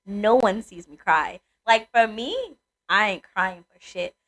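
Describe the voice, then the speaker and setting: Animated young woman telling a story. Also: mid-range voice, slow. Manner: animated storytelling, swears freely. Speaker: podcast co-host. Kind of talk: casual chat.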